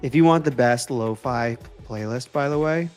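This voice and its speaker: A New York livestream host with a combined New York and Boston accent talks casually in a mid-range, somewhat dark voice that's clear and resonant, at a moderate pace. Upbeat, he repeats phrases and answers chat comments while faint music plays.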